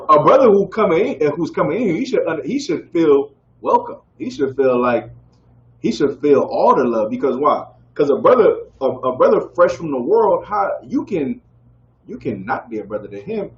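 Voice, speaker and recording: At a normal speed but very animated, a man preaches through a scripture lesson, pulling responses from the room and asking again and again, "y'all with me?" The recording sounds roomy and dull, low-fi with slight background noise.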